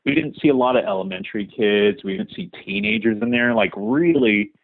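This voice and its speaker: A young man leaving a voicemail for a podcast, telling a story in an animated way. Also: medium pitch, brisk, vocal fry, slightly rough. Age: young adult. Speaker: caller. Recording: tinny phone line.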